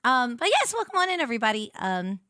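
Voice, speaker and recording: A giggly woman livestreamer rambles to her chat in a bright, bouncing voice that swings all over her range. She sits close to a desk microphone in a dry, dead room. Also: on the high side, sing-song, fast talker, clean tone, no room sound. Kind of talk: casual stream chat.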